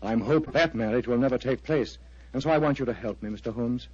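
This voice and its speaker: A man's voice: mid-range voice, quick pace, darkish tone, breathy edge, no echo, close to an everyday voice. An actor playing an agitated, earnest clergyman in a vintage radio drama, pleading and intense. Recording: dry, dull lo-fi old radio recording.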